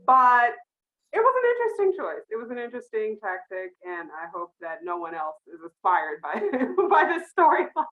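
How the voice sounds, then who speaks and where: A woman's voice: on the high side, very animated, moderate pace, a bit bright, lo-fi sound. A woman talking casually about a TV show, chatty and laughing through her lines. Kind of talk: casual TV recap chat.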